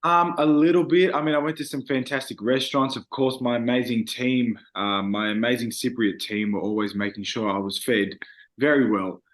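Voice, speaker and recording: Young man, singer, earnest, reflective, casual interview talk, mid-pitched voice. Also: fairly even intonation, normal speed. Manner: earnest, reflective, frequent fillers.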